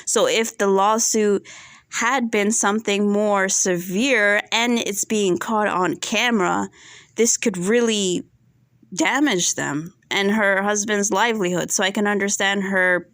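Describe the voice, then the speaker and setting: A woman's voice: mid-range voice, fairly even intonation, a little slow, fairly bright tone, dry recording, studio quality. A woman giving casual, opinionated commentary on a reality TV show, often checking in with her viewers. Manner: chatty, opinionated, asks "right?" often. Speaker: reality TV reviewer.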